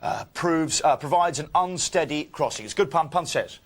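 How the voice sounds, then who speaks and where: A man presenting a live breakfast TV show, joking quickly and laughing through his lines. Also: fairly high pitch, expressive. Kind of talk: jokey live studio banter. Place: live TV studio with audience. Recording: studio with music and crowd noise.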